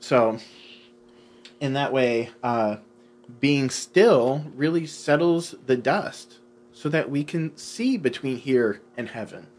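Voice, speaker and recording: A man's voice: mid-range voice, takes it slowly. A man in a casual spiritual discussion, explaining earnestly with many fillers.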